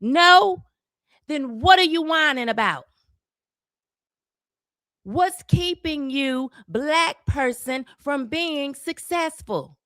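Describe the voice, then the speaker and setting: A woman's voice: high voice, animated, slow, pauses often, fairly bright tone, no echo, studio quality. An adult woman giving a sarcastic, scolding opinion monologue as a social commentator, repeating words as she gets fired up.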